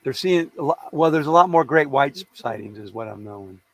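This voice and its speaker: A man's voice: medium pitch, lively intonation, brisk, rough recording. Middle-aged guy cohosting a loose news chat, cracks jokes, swears a lot, laughs at his own bits. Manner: joking and profane, laughs often. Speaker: co-host.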